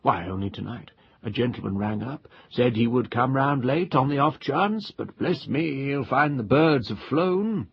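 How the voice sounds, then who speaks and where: A man's voice: medium pitch, expressive, a little slow, gravelly, slight background noise, voice pushed up. A man voicing a humble, muddle-headed male hotel waiter who is deferential and keeps saying sir. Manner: deferential servant speech, calls everyone sir. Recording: dull lo-fi recording.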